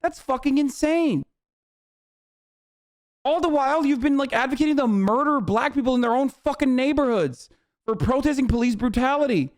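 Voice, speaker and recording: A man's voice: very high voice, lively intonation, brisk. A man streaming a reaction to a documentary, ranting in a heated, profane, sarcastic way. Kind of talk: casual reaction commentary.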